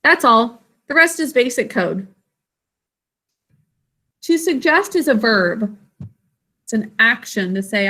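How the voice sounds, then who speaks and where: Slow, bright-voiced woman teacher. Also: a little high, lively intonation. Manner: slow, careful sounding out of words; encouraging. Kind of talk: online literacy lesson. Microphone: video call.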